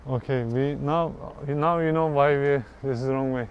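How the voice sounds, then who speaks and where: A man chats in a relaxed way while he hikes outdoors and throws in jokes as he goes. His voice sits at a middle pitch, and faint noise runs behind him. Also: normal speed, lo-fi sound. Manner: relaxed, joking. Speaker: hiking companion. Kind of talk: casual chat while hiking. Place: outdoors on hillside stairs.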